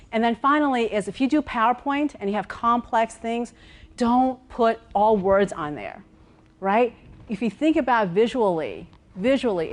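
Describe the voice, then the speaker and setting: Woman coaching a roomful, chatty and direct. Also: medium pitch. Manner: conversational, repeats words, checks in with the audience; walks around while speaking. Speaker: executive coach giving a workshop talk. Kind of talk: lively conference workshop talk.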